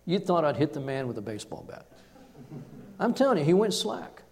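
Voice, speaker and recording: Speaking briskly in a voice on the high side, a pastor tells a personal story during his sermon. He's animated, lowering to hushed tones to stress key points.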